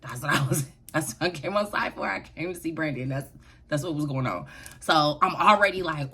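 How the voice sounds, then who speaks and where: A woman's voice: deep voice, moderate pace, sharp tone, husky. A young adult woman telling a story on her vlog in a loose, slangy way, laughing often. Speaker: vlogger.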